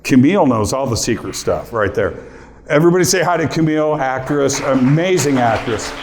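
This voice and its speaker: A man's voice: mid-range voice, expressive, brisk, background noise. A middle-aged male host talking casually and personally to a live audience, choked up and near tears, chatting with the crowd. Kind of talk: casual emotional talk to a room.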